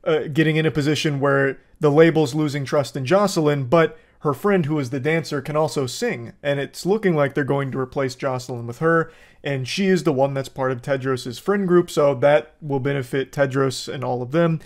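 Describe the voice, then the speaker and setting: A man's voice: a little high, moderate pace. A young man giving casual, rambling commentary on a TV show, crude and amused. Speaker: show reviewer.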